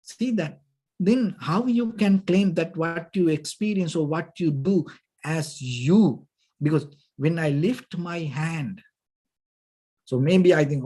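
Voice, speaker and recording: A man, a Buddhist monk, giving a dhamma talk, halting and searching for words, often saying "you know", with gentle, patient explanation. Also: fairly high pitch, slightly rough. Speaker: Buddhist monk teaching meditation.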